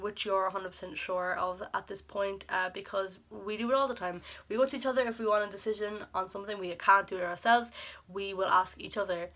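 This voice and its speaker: Bright-voiced young woman rambling fondly. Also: mid-range voice, steady tone, brisk. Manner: rambling and affectionate, heavy use of "like"; emotional, near tears at times. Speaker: vlogger. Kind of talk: heartfelt personal birthday message.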